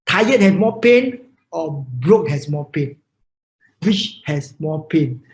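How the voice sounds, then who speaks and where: Man, Vietnamese accent, motivational seminar, emphatic repeats, restarts, high voice. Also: lively intonation, slow, low-quality recording. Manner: emphatic, repeats key words, frequent restarts. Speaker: motivational speaker. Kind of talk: motivational seminar talk with a story.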